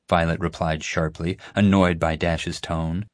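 A man narrating a story in first person in a steady, measured way. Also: a bass voice, no echo, clean studio sound. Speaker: audiobook narrator.

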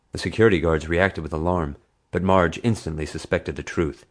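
Man, very low voice, audiobook narration, dry storytelling delivery. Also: fairly even intonation, normal speed. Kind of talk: scripted narration.

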